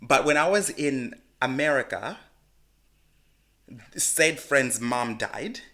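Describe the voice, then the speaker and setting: A man, co-hosting a podcast and telling a personal story in frank, animated casual chat. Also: medium pitch, takes it slowly. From Malawi. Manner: animated, frank storyteller who swears freely. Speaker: podcast co-host.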